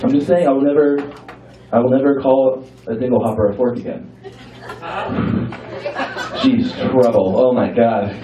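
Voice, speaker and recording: A man's voice: medium pitch, fairly even intonation, normal speed, pauses often, far from the mic. A young man doing a stand-up comedy set in a club, playful and teasing with the crowd, swearing freely. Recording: roomy club sound from afar, dull. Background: audience laughter.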